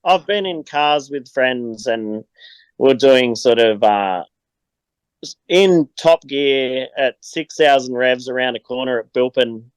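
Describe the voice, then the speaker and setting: A man's voice: mid-range voice, slow, clean tone, no echo, poor audio. An Australian man chatting as a podcast guest, telling rambling stories and laughing often. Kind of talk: casual chat.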